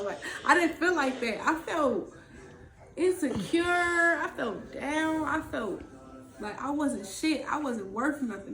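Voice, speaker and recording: A woman's voice: a little high, fairly bright tone, reverberant. A woman candidly telling her own story in a raw, emotional, profane way, as a vlog co-host.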